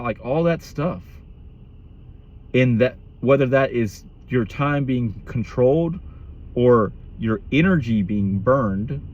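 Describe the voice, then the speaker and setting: A man's voice: medium pitch, a little mellow, dull audio. A man in his thirties speaking candidly about marriage in a reflective monologue, blunt and profane, often restarting his sentences.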